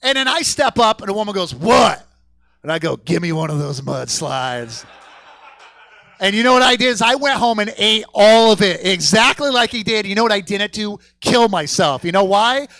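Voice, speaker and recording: High bright-voiced profane stand-up comic. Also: male voice, fairly quick, few pauses, dry recording. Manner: profane, swings from low mutter to loud. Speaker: stand-up comedian. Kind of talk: stand-up set. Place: comedy theater stage.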